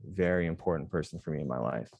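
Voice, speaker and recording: A man's voice: rumbling low, fast talker, gravelly, a little mellow, breathy edge. A young man, a jiujitsu instructor, answering interview questions casually in a rambling way, full of fillers and restarts. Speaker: jiujitsu instructor and gym owner.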